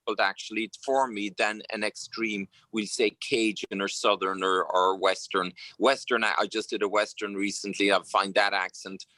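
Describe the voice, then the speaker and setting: An Irish actor chatting casually as an interview guest, telling relaxed stories with plenty of fillers. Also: male voice, lowish voice, normal speed, hardly any pauses, no room sound. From Ireland. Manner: anecdotal, relaxed storytelling with frequent fillers.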